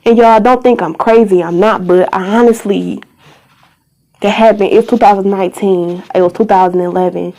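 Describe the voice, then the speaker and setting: A woman's voice: medium pitch, steady tone, moderate pace, dark tone, rough recording. A young woman vlogger giving an emotional personal testimony, earnest and pleading, tearful at times, sometimes dropping to a whisper.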